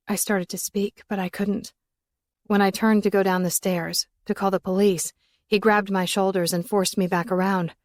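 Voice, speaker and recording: A woman's voice: mid-range voice, little pitch movement, normal speed, no room sound, clean studio sound. A woman narrating an audiobook in the first person, with an intense, emotional delivery.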